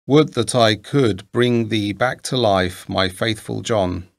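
A man voicing a grieving, remorseful king in a storybook reading, with slow, formal old-fashioned speech. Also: on the low side, creaky. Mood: sorrowful.

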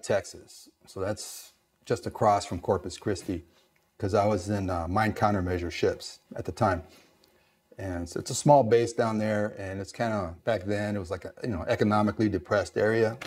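His voice is lowish and husky as this middle-aged man, a Navy veteran from East Los Angeles, tells stories in an easygoing way. He is animated and full of fillers, performing the quoted voices of the people in his tales.

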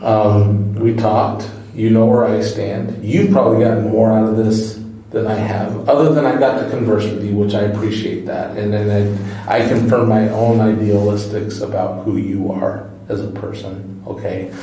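A man's voice: on the low side, steady tone, normal speed, warm tone, slight background noise. A man questioning a suspect as a detective, firm and persuasive, often checking in with "okay?". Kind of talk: police interrogation. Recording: echoey room from far off.

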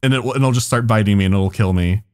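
A man's voice: lowish voice, racing, clear, resonant tone. A man on a podcast telling a story in casual chat, laughing often and swearing as he goes. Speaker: podcast co-host.

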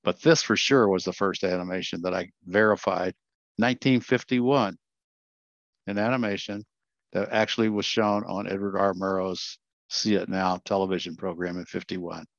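A man's voice: deep voice, fairly even intonation, normal speed, gravelly, dry recording. An older man giving a slide presentation as a guest speaker, earnest and often correcting himself as he tells a story, heard over a video call. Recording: dull, dry lo-fi sound.

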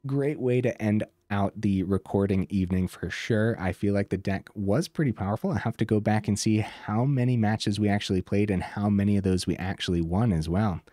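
Chill gamer guy rambling about his deck, lowish mellow voice, kinda hoarse, dry sound. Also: fairly quick, few pauses, no room sound. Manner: rambling, laid-back, full of fillers. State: slightly hoarse, losing his voice. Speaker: game channel host. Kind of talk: casual deck breakdown commentary.

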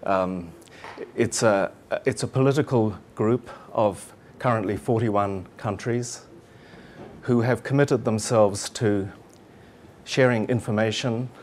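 A middle-aged man with a New Zealand accent giving a formal lecture to students, measured and steady with frequent um fillers. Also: lowish voice, slight background noise. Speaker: guest lecturer.

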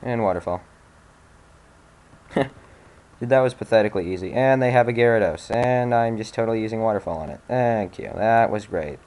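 A man's voice: fairly low pitch, normal speed, pauses often, darkish tone. A young man giving casual commentary on a game he is playing, sarcastic and swearing, with sudden frustrated outbursts. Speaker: let's play gamer.

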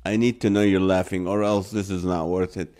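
A man's voice: deep voice, level tone, a little fast, a little mellow. A male live-stream host reading out joke comments, laughing helplessly between lines. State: laughing to tears.

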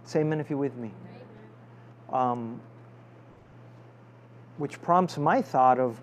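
A man's voice: medium pitch, slow pace, pauses often, a little hiss or hum. A male pastor preaching in a loose, conversational way and calling for amens from the congregation. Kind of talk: sermon with prayer.

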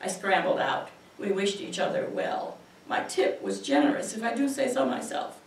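A woman poet giving a measured, expressive reading of her poems in a university auditorium. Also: fairly high pitch, vocal fry. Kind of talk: poetry reading. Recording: echoey auditorium from far off.

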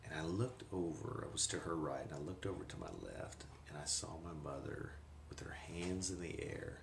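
A middle-aged man giving a reflective personal testimony, speaking haltingly with pauses, recorded on a camcorder in an echoey room. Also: low voice, steady tone, creaky, slight background noise. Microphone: handheld camcorder.

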